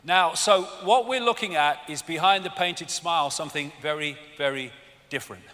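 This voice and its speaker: An English man giving a live seminar lecture, animated and mocking, swearing freely. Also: fairly high pitch, normal speed. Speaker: seminar speaker. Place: lecture hall with audience. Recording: long hall reverb, faint audience.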